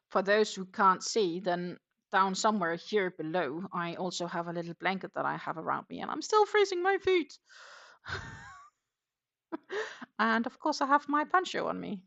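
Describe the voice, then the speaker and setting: Her voice is lowish and creaky with a fairly bright tone. This woman from Denmark, whose accent combines Danish, Dutch and English, runs a casual crochet livestream at home, reading out viewer comments and using lots of fillers.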